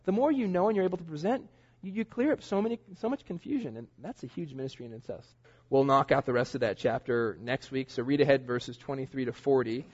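A man's voice: medium pitch, quick pace, darkish tone. A middle-aged man preaching a sermon in a church as pastor, earnest and conversational, with casual asides. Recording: dull lo-fi church recording.

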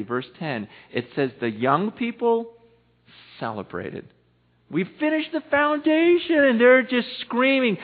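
A man with a high voice preaches a sermon, animated and conversational, slipping into voices for the characters he describes. The sound is thin and narrow, like a phone line. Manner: animated, acts out voices of biblical people, casual phrasing. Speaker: pastor. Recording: tinny phone-like audio.

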